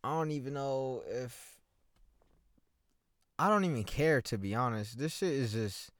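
Sitting alone in his parked car, a young Oklahoma podcast host rambles loosely and swears as he talks into a microphone with headphones for his solo chat show. His voice is medium-pitched and a bit bright, with lively intonation and a measured pace; there's no room sound.

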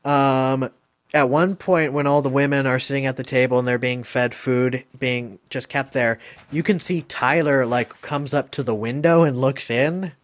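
A man's voice: medium pitch, steady tone, moderate pace. A man hosting a casual podcast, rambling through favorite moments with lots of swearing, filler words and laughs. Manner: rambling, profane, laughs often. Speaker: podcast host reviewing a film.

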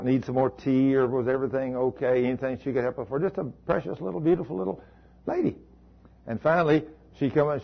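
A man preaching, telling a story in a folksy, colloquial way. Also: medium pitch. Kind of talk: storytelling sermon. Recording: dull lo-fi recording.

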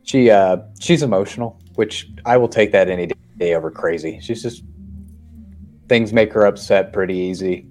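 Podcast host, male, very low voice, rambling storyteller who swears a lot. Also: normal speed, darkish tone. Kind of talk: casual chat.

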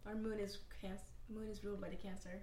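A woman's voice: mid-range voice, flat delivery, fast talker, mellow, reverberant, a little hiss or hum. A young woman co-hosting a podcast in casual chat, teasing and giggling as she talks. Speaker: podcast co-host.

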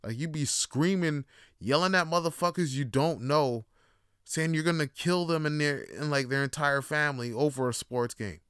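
A man's voice: fairly high pitch, normal speed, a bit bright, clean tone, no room sound, clean studio sound. A young man hosting a solo talk show, rambling profanely and casually, often laughing and acting out little scenes. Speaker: podcast host.

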